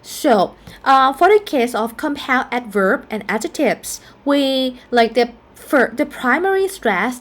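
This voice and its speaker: Slow, careful woman teaching pronunciation. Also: on the high side. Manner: slow and careful, repeats each example word. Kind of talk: explaining a phonetics lesson.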